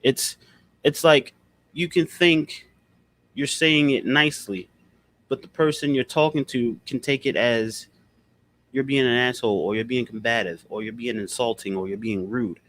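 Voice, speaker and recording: A man's voice: medium pitch, moderate pace, fairly bright tone. A man in casual conversation, blunt and profane, who repeats his points for emphasis. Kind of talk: casual chat.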